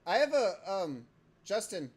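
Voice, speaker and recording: A young man hosting a casual livestream, swearing often and breaking into loud excited outbursts while he plays a game. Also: sits high, unhurried, slightly rough. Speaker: livestream host.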